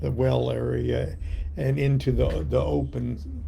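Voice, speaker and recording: Man slowly telling a rambling story, super gravelly voice, lots of ums and restarts. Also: medium pitch, flat delivery, mellow, slight background noise. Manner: rambling, halting, with many fillers and restarts; playful, acting out announcements and voices. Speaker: author telling a personal story. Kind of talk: casual spoken anecdote.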